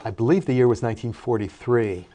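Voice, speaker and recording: An older man telling a family story in a relaxed interview, with many fillers and restarts. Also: medium pitch, fast talker. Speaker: interview guest, cinematography professor.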